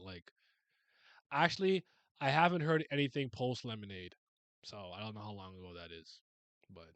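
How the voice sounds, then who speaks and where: A man chatting casually on a stream, rambling in slangy talk with quick asides and chuckles. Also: mid-range voice, no room sound.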